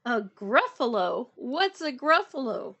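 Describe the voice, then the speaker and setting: A woman's voice: fairly high pitch, very animated, slow, creaky, fairly bright tone, breathy edge, lo-fi sound, full character voice. A woman voicing a hungry, sly male fox in a children's storybook reading, with an eager, coaxing manner. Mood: puzzled.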